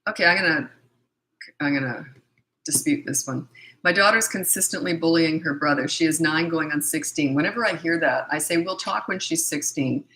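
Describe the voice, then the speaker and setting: A middle-aged woman speaks briskly in a low voice that sounds pushed and bright, with a scratchy throat. In a casual question-and-answer format, she offers parenting advice that is blunt, no-nonsense, and matter-of-fact.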